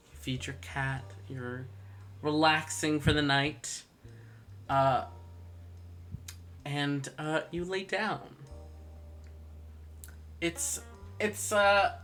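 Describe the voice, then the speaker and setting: A game master slowly narrating a tabletop game's dream scene, pausing often with fillers. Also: mid-range voice, fairly bright tone. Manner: slow, halting narration with many fillers.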